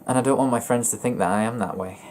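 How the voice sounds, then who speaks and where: A young man vlogging about his feelings in a flat, monotone voice, hesitant and often stopping to correct himself. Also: medium pitch, slight background noise. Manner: hesitant, halting and self-correcting. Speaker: gaming YouTuber. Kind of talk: personal confessional vlog.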